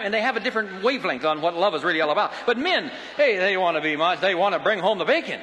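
A middle-aged man preaching a sermon in a folksy, animated, joking way. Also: high-pitched, fast talker, few pauses, big-room sound, slight background noise.

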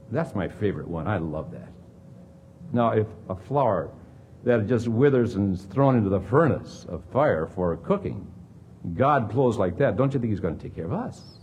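A man preaching a sermon as a pastor, with dramatic swings between emphatic lines and hushed ones. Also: on the low side, big pitch swings, a little slow, slight background noise.

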